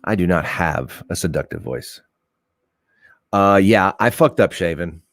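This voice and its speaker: Very low-voiced man hosting a livestream. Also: expressive, measured pace, a bit bright, no echo. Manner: loose, rambling, laughs often, swears casually. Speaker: livestream host. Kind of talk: casual livestream chat. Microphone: headset.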